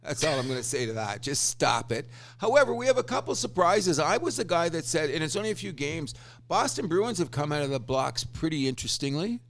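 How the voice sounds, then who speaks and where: Guy with a kinda high voice ranting about hockey jerseys and hats, loud opinions, casual podcast chat. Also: a little fast, gravelly. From Canada. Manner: animated, opinionated, crude fan banter. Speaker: podcast co-host.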